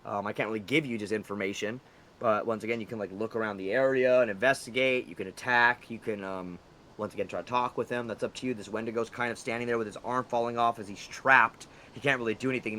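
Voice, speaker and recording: Bright-voiced young male game master. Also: on the low side, slight background noise. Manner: loose, rambling explanations with fillers. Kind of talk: narrating a tabletop game.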